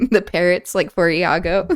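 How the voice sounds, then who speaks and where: A woman's voice: fairly low pitch, no echo, studio quality. Woman host, casual streamed book talk, blunt, irreverent, swears. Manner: irreverent, blunt, frequent fillers, swears freely. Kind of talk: casual reading and commentary on a livestream.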